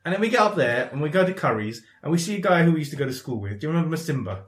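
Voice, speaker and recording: Lively man telling a story. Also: a little high, racing. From England. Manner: animated, acts out quoted voices, laughs often. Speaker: podcast host. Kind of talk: casual storytelling chat. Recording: roomy echoey room.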